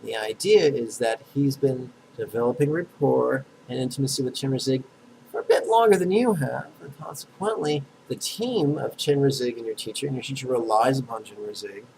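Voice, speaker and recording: A man teaching a meditation lesson, talking bluntly and drawing syllables out slowly for listeners to repeat. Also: medium pitch, vocal fry, a little mellow, slight background noise, rough recording. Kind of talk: guided meditation lesson with call-and-response chanting.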